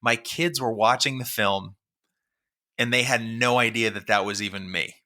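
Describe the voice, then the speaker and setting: A man's voice: mid-range voice, moderate pace, bright, forceful tone. A middle-aged man co-hosting a podcast, telling a rambling, self-deprecating story with frequent laughs. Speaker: podcast co-host. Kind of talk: casual chat.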